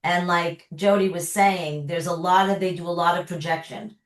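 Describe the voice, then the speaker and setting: A woman's voice: fairly low pitch, fairly even intonation, moderate pace, few pauses. A woman therapist answering questions, explaining with everyday examples in a conversational way. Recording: echoey room sound.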